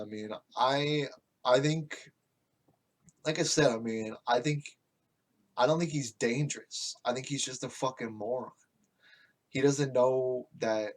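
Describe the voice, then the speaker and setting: An American man with a medium-pitched, darkish voice hosts a podcast and goes on a casual political rant. He swears a lot, keeps restarting his sentences and wanders into rambling asides.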